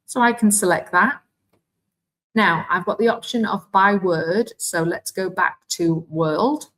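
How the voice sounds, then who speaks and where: A woman with a Welsh accent walks teachers through a live online demonstration. Her voice sits a little low, and she talks in a chatty, self-deprecating way, thinking aloud as she clicks. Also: unhurried, fairly bright tone, low-quality recording. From Wales. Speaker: teacher trainer.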